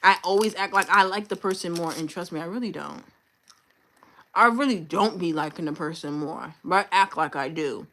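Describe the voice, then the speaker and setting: A woman's voice: fairly low pitch, normal speed, pushed and bright. A woman hosting a livestream who chats casually and with confidence. She is blunt and slangy, and repeats her points for emphasis. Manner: slangy, blunt, talks straight to viewers. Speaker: livestream host.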